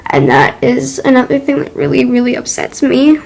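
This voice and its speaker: A teenage girl vlogging, talking in a halting, apologetic way and choked up after crying. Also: high voice, big pitch swings, vocal fry, darkish tone, faint music behind, rough recording. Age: teens. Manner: halting, self-correcting, apologetic. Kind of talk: confessional vlog talk.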